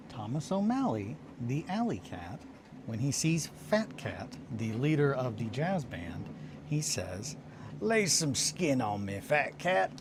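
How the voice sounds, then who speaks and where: A tired, just-woken-up man with a medium-pitched voice hosts a hobby livestream from his home studio and workshop, and the stream is noisy. He rambles through casual stories for his viewers, interrupting himself, restarting sentences, and leaning on fillers.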